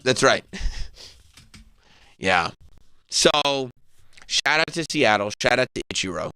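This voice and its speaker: A man's voice: mid-range voice, takes it slowly, clean tone, no echo. A man with a New York accent hosting a radio show, joking around in casual studio banter. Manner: joking, animated, breaks into laughter.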